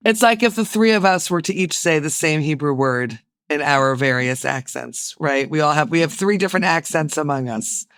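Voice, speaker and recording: Smooth-voiced woman podcast host. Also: sits low, animated, normal speed, dry recording, clean studio sound. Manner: conversational, posing questions to a guest. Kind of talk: interviewing a guest on a news podcast.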